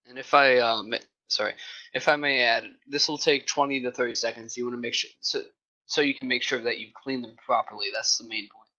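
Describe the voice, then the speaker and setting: A polite man speaks up as his troop's safety officer, a little hesitant but clear in what he means. His tone is bright and forceful, and the muffled video-call audio dulls it. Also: medium pitch, fairly even intonation, brisk. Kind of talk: virtual meeting remarks.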